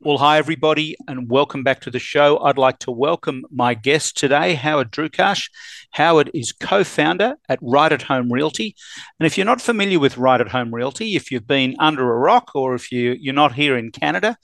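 A man with an Australian accent hosting a podcast interview, friendly and joking, quick to chime in. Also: on the high side, gravelly, a bit bright, dry recording. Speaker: podcast host. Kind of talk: casual interview chat.

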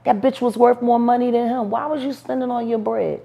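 A woman in her forties, an interview guest, telling stories in a brash, profane, animated way with bursts of laughter. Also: a little high, brisk, vocal fry, slightly rough. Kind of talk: storytelling interview.

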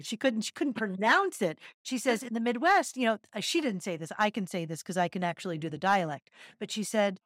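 A woman from Philadelphia co-hosting a podcast, chatting in an animated, storytelling way. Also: medium pitch, a little fast, hardly any pauses, dry recording, clean studio sound. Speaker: podcast co-host. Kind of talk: conversational podcast chat.

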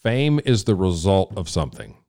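A man's voice: sits low, very animated, moderate pace, mellow. A middle-aged man hosting a casual family podcast, teasing and lecturing his kids in a playful dad tone. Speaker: podcast host, father.

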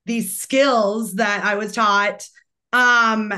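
A woman's voice: medium pitch, fairly even intonation, drawn-out words, bright, forceful tone. A young woman hosting a podcast, chatting in a rambling way full of "like". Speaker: podcast host. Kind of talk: casual chat.

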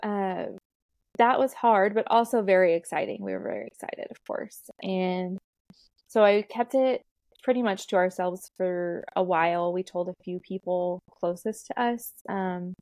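Unhurried and lowish, with a darkish tone, a woman in her thirties recounts her birth story on a podcast where she appears as a doula guest. She keeps it chatty, laughing often and leaning on fillers in this casual storytelling interview. The studio-quality audio has no room sound.

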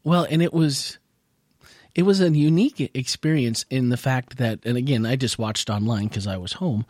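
A male podcast host chatting casually while he recovers from losing his voice. He meanders through his thoughts with frequent small laughs and self-corrections, at an ordinary middle pitch. The sound is dry and close, with no room echo. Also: normal speed, a little mellow. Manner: rambling, self-correcting, chuckles often.

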